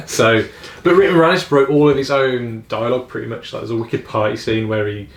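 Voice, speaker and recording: A man's voice: medium pitch, steady tone, fairly quick. A young man co-hosting a casual film chat, rambling and laughing often. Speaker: podcast co-host. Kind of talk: casual chat about films. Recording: echoey room.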